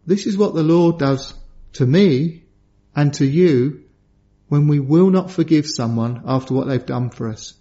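In an unhurried, mellow voice with the highs cut off, a middle-aged preacher shares a personal story in earnest. When he performs quoted lines, his voice climbs high.

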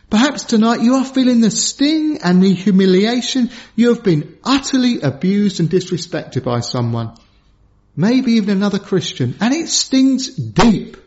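A man preaching a sermon in an earnest, pleading way, dropping low and soft for emphasis. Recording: dull lo-fi sound.

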